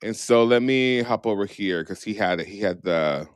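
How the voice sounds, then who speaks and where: A man's voice: lowish voice, lively intonation, brisk, few pauses, no room sound. A man co-hosting a casual chat show, sassy and gossipy, swearing freely as he runs through rule changes. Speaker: podcast co-host.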